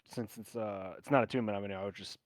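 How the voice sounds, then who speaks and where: Low-voiced man, dry close sound. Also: fairly even intonation, fast, dry recording. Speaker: player. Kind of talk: casual tabletop play.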